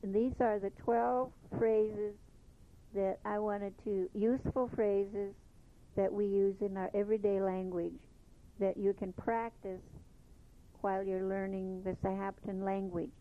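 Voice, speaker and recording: A woman teaching a language lesson, patiently repeating each phrase slowly before explaining it. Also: medium pitch, level tone. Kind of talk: slow spoken language lesson. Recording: tinny phone-like lo-fi recording.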